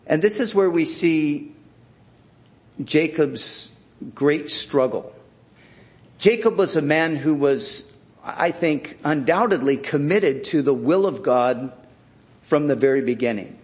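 A man preaching a sermon, speaking in a deliberate, reflective way with frequent restarts. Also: fairly high pitch.

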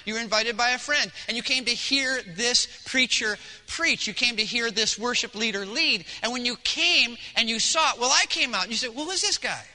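A man preaching a sermon as pastor at a church service, telling stories in an animated way and swinging between hushed and loud delivery. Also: very high voice, long reverb tail.

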